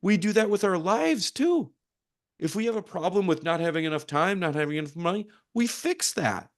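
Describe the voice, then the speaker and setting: A man coaching on performance psychology, speaking to a conference audience in an animated storytelling manner. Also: high-pitched, normal speed. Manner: animated storytelling with acted-out quotes. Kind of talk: conference session talk.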